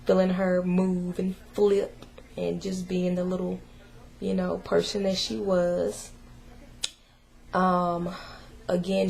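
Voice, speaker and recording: A woman talks slowly in a low, flat voice with a gravelly edge, stopping often and filling gaps with hesitant fillers. She sounds soft and emotional, as if holding back tears, in a casual personal vlog. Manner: halting and hesitant, full of pauses and fillers. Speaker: mother giving a family update.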